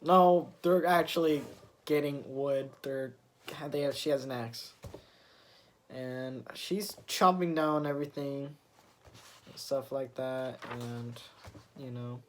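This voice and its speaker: A comic book reviewer with a medium-pitched, fairly even voice recaps a comic issue slowly and casually. He rambles with many fillers and restarts, retelling scenes and quoting lines.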